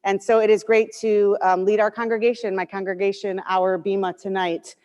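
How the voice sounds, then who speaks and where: A woman's voice: mid-range voice, flat delivery, moderate pace, darkish tone, in a large hall, highs cut off. A woman leading a worship service, chatting in friendly asides between prayers and readings.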